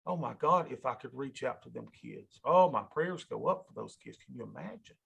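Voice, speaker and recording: Man, financial advisor, folksy rambling monologue, gravelly husky voice. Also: mid-range voice, expressive, fairly quick, a bit bright. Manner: folksy, emotional, talks to listeners as y'all. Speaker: financial advisor giving a talk.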